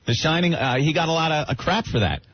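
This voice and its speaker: A man's voice: a little high, slight background noise. A man hosting a radio show, chatting casually and animatedly about films and laughing often. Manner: animated, laughing, quick to do voices. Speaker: radio host. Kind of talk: casual talk-radio chat. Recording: muffled radio broadcast.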